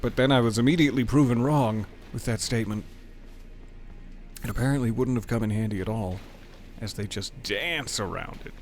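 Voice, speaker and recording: Man, game streamer, mid-pitched voice, playful chatty commentary, mock-dramatic item reading. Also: brisk, faint music behind. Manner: reads item text aloud in mock-dramatic tones. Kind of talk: casual gameplay commentary.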